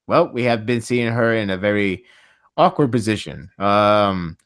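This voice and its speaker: A man hosting a casual podcast chat, rambling and animated, laughing often. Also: lowish voice, measured pace, clear, resonant tone, dry recording, studio quality. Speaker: podcast host.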